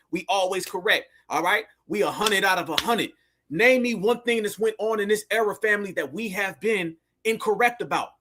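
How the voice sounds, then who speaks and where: A man's voice: a little high, pushed and bright, husky. A man hosting heated social commentary, fiery and preachy with lots of slang. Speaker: commentator host.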